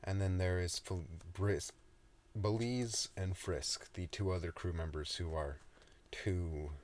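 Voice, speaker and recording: A man's voice: deep voice, fairly even intonation, slow, a little mellow, a little hiss or hum. A man reading his own story aloud in a soothing style, with casual, joking asides.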